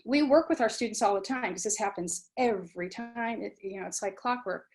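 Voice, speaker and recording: A middle-aged study abroad program director gives an informal, conversational talk on mindfulness, acting out students' inner voices. Her medium-pitched voice is fairly quick and a little mellow.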